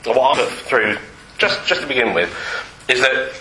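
A man's voice: mid-range voice, expressive, fairly quick, bright, forceful tone, slight background noise. A man preaching a sermon in a church hall, conversational and self-deprecating, with frequent fillers and restarts.

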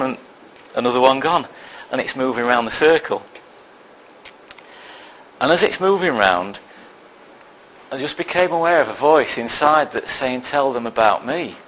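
A man's voice: medium pitch, expressive, a little slow, pauses often, fairly bright tone, slight background noise, rough recording. A man preaching a sermon, telling a personal story with self-deprecating, dry humour before turning to a serious point. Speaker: lay preacher.

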